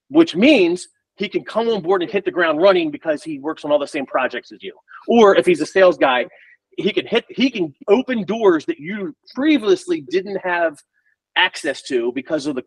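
A middle-aged man speaking in a fairly high voice, talking fast and energetically as he acts out both sides of sales calls. He sits a bit back from the mic on a video call. The sound is dry, with no room echo. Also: husky, recorded from a distance. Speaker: recruiter. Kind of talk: casual explanatory talk on a group call.

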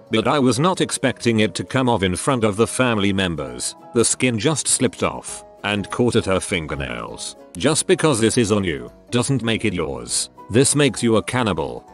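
A man reading Reddit stories aloud in a deadpan, matter-of-fact way. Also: fairly low pitch. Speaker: narrator.

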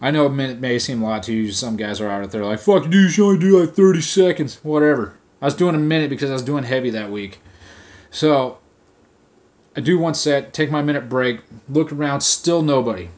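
A man hosting a podcast, ranting in a casual, profane style and telling an animated story, recorded on his phone. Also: mid-range voice, fairly quick. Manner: swears constantly, animated storytelling. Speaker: podcast host.

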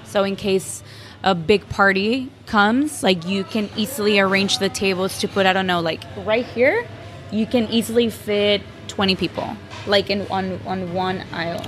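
A woman's voice: medium pitch, normal speed, faint music behind. A young woman from Mexico, the owner's daughter, chatting about her family's restaurant with lots of "like" and "um". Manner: chatty, frequent "like" and "um". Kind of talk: casual interview.

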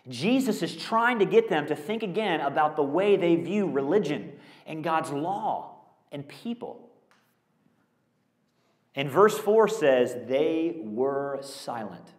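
A male pastor preaching a conversational, animated sermon with rhetorical questions. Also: fairly high pitch, a little slow. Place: school auditorium used as a church. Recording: echoey auditorium.

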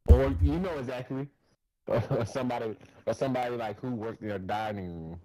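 A man's voice: mid-range voice, a little fast, dark tone, rough recording. A man chatting with a gaming friend, teasing him in slangy banter and laughing often. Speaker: friend and teammate. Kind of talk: casual gaming chat.

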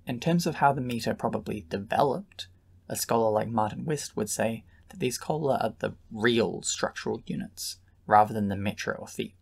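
A man giving a scripted lesson, measured and explanatory, who at times chants patterns of long and short beats. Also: lowish voice, vocal fry, breathy edge. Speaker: teacher explaining Greek metre. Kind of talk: scripted educational narration.

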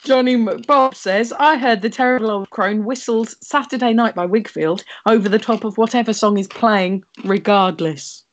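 A woman's voice: on the high side, moderate pace, few pauses, lo-fi sound. A woman co-hosting a comedy show over a video call, reading out listener messages in a dry, playful manner. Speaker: comedy club co-host.

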